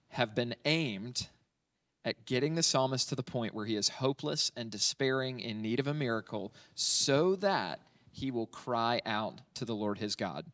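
In a teaching sermon on a psalm, a man goes verse by verse, talking conversationally, filling his speech with fillers and repeatedly asking "right?" between points. The mic is distant, there's no echo, and his medium-pitched voice has a fairly bright tone.

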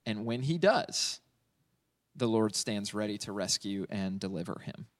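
A man's voice: fairly low pitch, expressive, a little slow, no echo, far from the mic. Man teaching a psalm, mic set back. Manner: conversational, asks "right?" often, many fillers. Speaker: pastor.

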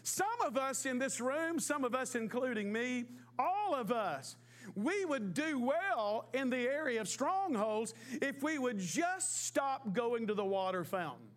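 A man's voice: very high-pitched, a bit bright. A man in his fifties, a pastor, preaching a sermon in a folksy storytelling way with emphatic repetition. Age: 50s.

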